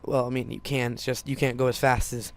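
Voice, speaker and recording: A man's voice: mid-range voice, flat delivery, a little fast. A teenage boy telling a personal story in a casual, rambling way, full of restarts and fillers.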